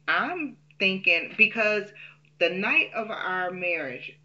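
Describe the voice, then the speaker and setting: A woman's voice: mid-range voice, lively intonation, slow, pushed and bright, dull audio. A woman telling a personal story in a casual, candid way, with frequent um fillers.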